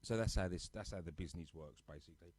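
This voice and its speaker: A man with a low, darkish voice and a breathy edge talks quickly, no echo, as he hosts his live-streamed music show from the sofa at home. He casually reads viewers' comments aloud and teases them.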